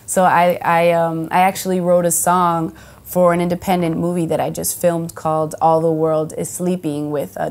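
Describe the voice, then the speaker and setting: An actress from the United States of Dominican heritage, chatting casually in an interview, full of fillers and restarts and lively quoted voices. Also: female voice, lowish voice. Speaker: actress and singer, guest.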